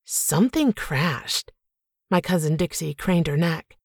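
Brief: woman narrator, low voice with a gravelly edge, dry booth sound. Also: expressive, darkish tone, no room sound. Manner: measured, reflective storytelling. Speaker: audiobook narrator. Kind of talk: first-person audiobook narration.

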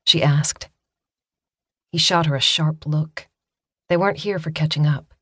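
A woman narrating a romance novel in a steady, measured audiobook reading. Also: deep voice, dry recording, studio quality. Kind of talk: scripted narration.

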